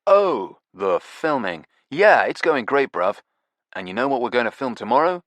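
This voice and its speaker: A man voicing a brash, excitable male TV presenter who talks loudly and laughs at his own jokes. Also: medium pitch, normal speed, dry recording. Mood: jokey. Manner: loud, pushy, slangy, laughs at own jokes. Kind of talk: audiobook character voice.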